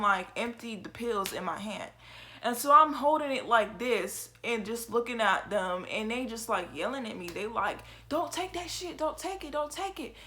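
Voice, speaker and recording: A young woman telling a story from her own life in a casual, animated and profane way. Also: fairly high pitch. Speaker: storytelling vlogger.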